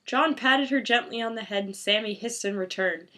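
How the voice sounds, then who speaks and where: A woman's voice: a little high, normal speed, sharp tone. Sarcastic young-sounding woman reading aloud. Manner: sarcastic, reads aloud with wry asides. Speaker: fanfiction reader. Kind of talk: mocking dramatic reading.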